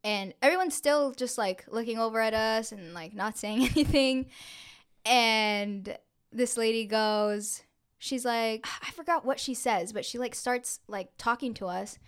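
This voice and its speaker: A young woman with a fairly high, smooth, clear voice recounts a story on a casual podcast. She talks in an animated way, swears freely and acts out what people said, filling gaps with "like". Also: unhurried. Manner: animated, swears a lot, acts out quotes with filler "like". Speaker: podcast co-host.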